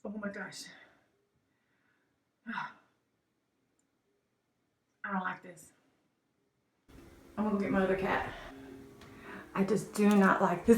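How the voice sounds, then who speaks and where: A woman filming a casual vlog inside her house, excitable, flustered and a little breathless. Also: mid-range voice, measured pace, long pauses. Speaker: vlogger. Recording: echoey room with faint background noise.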